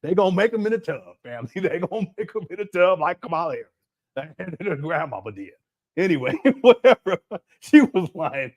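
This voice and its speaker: High, lively man laughing through commentary. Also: brisk. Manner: laughs constantly, mocking. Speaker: livestream host. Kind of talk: casual livestream commentary.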